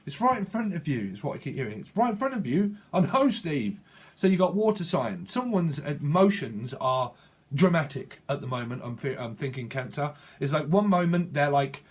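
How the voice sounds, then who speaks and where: Guy doing a tarot reading, kinda high voice, rambles and repeats himself a lot. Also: big pitch swings, moderate pace, slightly rough. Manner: rambling, repetitive, self-correcting. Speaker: tarot reader. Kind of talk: channeled tarot reading monologue.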